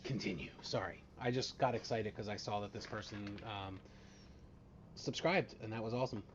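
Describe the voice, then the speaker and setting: A man acting as dungeon master on a live tabletop game stream, chatty and excitable with many fillers. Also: fairly low pitch, moderate pace, noisy background. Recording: dull lo-fi mic.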